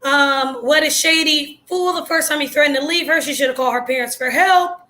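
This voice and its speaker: A woman with a high, bright, sharp voice gives blunt, slangy commentary on the news. She sounds excitable and a little strained, as if she is losing her voice. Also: fairly quick, a little hiss or hum. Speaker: video host commenting on news. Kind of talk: casual live commentary.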